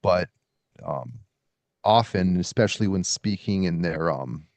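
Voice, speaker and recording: A man with a deep voice and a gravelly edge speaks on a podcast. He is recorded dry and close, and his talk is casual and halting, with pauses as he reads from his sources. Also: expressive, darkish tone, no room sound. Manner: halting, pausing while reading from sources. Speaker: podcast host. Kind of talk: casual podcast talk, reading quotes aloud.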